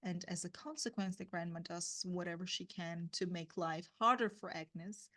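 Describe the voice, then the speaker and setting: A woman teaches a guided reading lesson on a classic novel. She talks in a fairly low voice, thinking aloud with fillers and frequent checks on her listeners. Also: moderate pace, a bit bright. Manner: explains with fillers and rhetorical "right?". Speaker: literature teacher.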